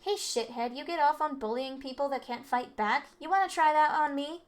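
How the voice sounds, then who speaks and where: A woman reading a hot-headed delinquent teenage boy who yells and swears aggressively. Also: high-pitched, animated, a little fast. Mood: angry. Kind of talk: reading game dialogue aloud.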